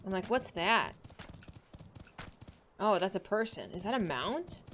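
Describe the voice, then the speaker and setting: A woman from Los Angeles, chatting excitably with viewers during a gaming livestream, laughing often. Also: mid-range voice, fairly quick, slight background noise. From Los Angeles, USA. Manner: excitable, giggly, greets viewers. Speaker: game streamer. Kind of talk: casual livestream chat while gaming.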